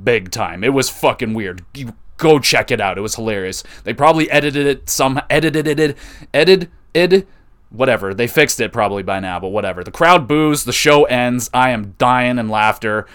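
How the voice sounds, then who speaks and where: Man, podcast host, casual wrestling recap, excitable, cursing, smooth clear voice. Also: fairly low pitch, normal speed. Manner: excitable, laughs at his own stories, swears freely.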